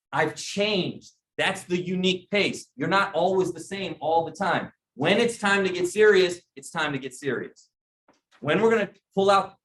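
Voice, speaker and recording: A man's voice: sits high, a bit bright. A middle-aged man leading a sales training session, talking casually and often checking in with his audience. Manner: conversational, asks the audience questions. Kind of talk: training talk to a group.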